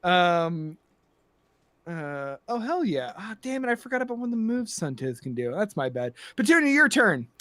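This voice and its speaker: A man's voice: sits high, very animated, normal speed, pushed and bright, dry recording. A man running a tabletop game as game master, loose and profane, often laughing.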